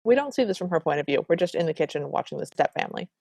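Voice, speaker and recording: Podcast co-host, woman, low voice, detailed scene narrator, dry mic. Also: lively intonation, very fast, gravelly, darkish tone, breathy edge, dry recording. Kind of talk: casual recap chat.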